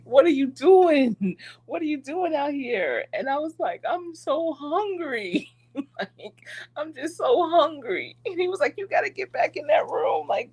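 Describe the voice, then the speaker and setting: A middle-aged woman coach telling a story in a casual motivational talk, laughing often and calling her listeners y'all. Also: deep voice. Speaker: life coach.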